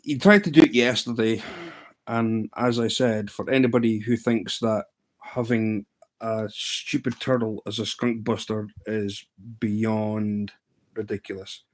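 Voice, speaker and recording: A man hosts a relaxed live chat stream and tells an anecdote with energy. He slips into other people's lines as he recounts what they said, keeping it casual and chatty. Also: lowish voice, unhurried. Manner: animated anecdote-telling, acting out what others said.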